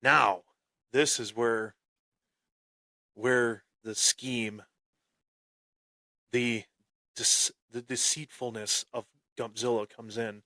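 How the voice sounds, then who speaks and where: Speaking as his wrestling persona, a podcast host swaggers through old rivalries, boastful, taunting and dramatic, in unhurried, drawn-out speech. His mid-range voice holds a steady tone that sounds pushed and bright. The close, dry recording has no echo or room sound.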